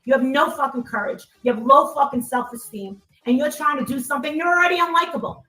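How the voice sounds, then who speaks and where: A woman's voice: high voice, fast, hardly any pauses, sharp tone. A middle-aged woman with a New Jersey accent, ranting angrily and profanely on a livestream. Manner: profane, confrontational, heated. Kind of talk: angry livestream rant. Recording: echoey and distant, faint music.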